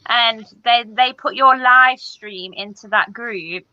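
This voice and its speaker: A woman's voice: a little high, slow, dry recording. A woman in a casual group chat on a video call, eagerly explaining what she found out. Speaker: participant in a livestream chat. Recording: dull lo-fi call audio.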